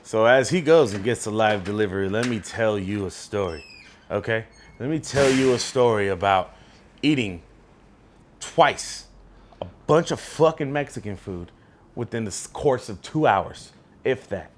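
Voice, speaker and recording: A man's voice: lowish voice, lively intonation, normal speed, slight background noise. A young man co-hosting a podcast, telling a story in laid-back, joking, profane chat. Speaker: podcast co-host. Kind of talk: casual chat.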